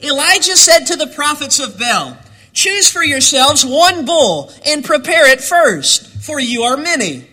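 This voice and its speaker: A man preaching a sermon, building to dramatic shouts and then dropping low. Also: sing-song, unhurried.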